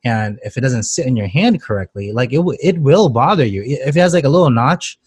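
A man's voice: medium pitch, expressive, a little fast, darkish tone, husky, no echo. A man who works as a cook, chatting casually on a podcast, swearing freely and laughing often. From Canada. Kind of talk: casual chat.

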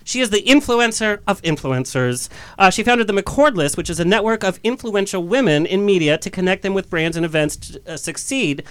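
A man's voice: sits high, lively intonation, fairly quick, a bit bright, clear, resonant tone, dry recording. A man hosting a celebrity podcast, reading event plugs and introducing guests with campy, playful jokes into a studio microphone. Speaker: podcast host. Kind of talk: casual banter and plugs.

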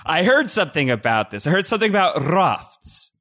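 A man's voice: on the high side, sing-song, fairly quick, fairly bright tone. A man co-hosting a podcast, chatting casually with frequent laughter and hesitant fillers. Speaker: podcast co-host.

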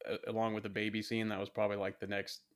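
A man's voice: lowish voice, monotone, rapid-fire. A man co-hosting a casual podcast, chiming in with brief remarks. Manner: brief interjections, laughs along. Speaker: podcast co-host. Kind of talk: casual chat.

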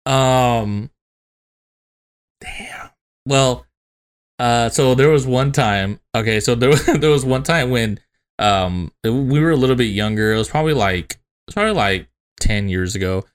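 Young dude cohosting a podcast, rambling funny stories, swears a lot, laughs easy. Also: male voice, mid-range voice, a little slow, clear, resonant tone. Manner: laughs often, swears, loose storytelling with acted quotes. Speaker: podcast co-host. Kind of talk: casual chat.

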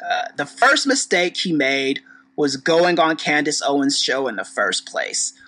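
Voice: mid-range voice, big pitch swings, a little slow, pushed and bright, poor audio. A podcast host giving a casual commentary rant, blunt and profane, with sarcastic asides and frequent restarts. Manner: rambling with restarts.

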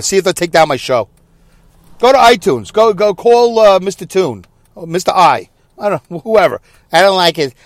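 A man's voice: a little high, no echo. A man hosting a casual solo podcast from his parked car, rambling and poking fun at himself. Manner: rambling, self-mocking, chatty. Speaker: podcast host.

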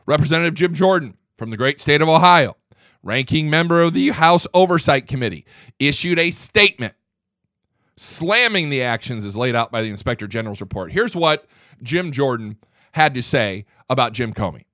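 Guy ranting on his politics show, swears a lot, trips over his words, bright sharp voice. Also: medium pitch, lively intonation, moderate pace, no echo, clean studio sound. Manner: indignant, ranting, swears freely; repeats and restarts words when worked up. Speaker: political commentary host. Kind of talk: opinionated political monologue.

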